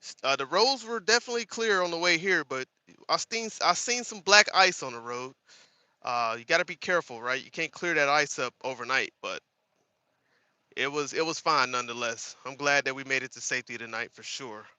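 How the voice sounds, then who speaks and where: A man in his thirties hosting a casual live-stream commentary, animated and laughing as he talks to his chat. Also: mid-range voice, fairly quick, dry recording. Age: 30s. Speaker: host.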